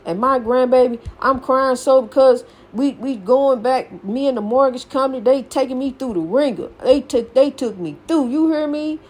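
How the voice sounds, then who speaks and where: A woman's voice: sits high, moderate pace, hardly any pauses, a little mellow. An older woman hosting a podcast, giving a folksy, preachy motivational talk and repeating her phrases for emphasis. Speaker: podcast host.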